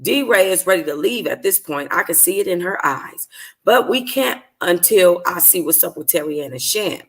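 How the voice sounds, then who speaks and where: Brief: woman book-club reader, low-ish voice, casual and profane, fixes her own slips. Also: expressive, normal speed. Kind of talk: casual read-aloud of a novel.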